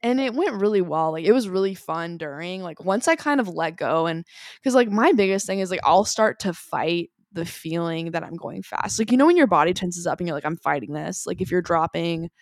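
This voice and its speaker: A woman co-hosting a podcast, telling a story in animated casual chat and saying "like" a lot. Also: lowish voice, brisk, no echo, clean studio sound. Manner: animated storytelling, heavy use of "like". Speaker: podcast co-host.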